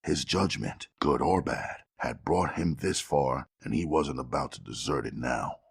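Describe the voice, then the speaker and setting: A man narrating a crime novel audiobook in a steady, measured storytelling manner with a gravelly voice. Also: very deep voice, no room sound, clean studio sound.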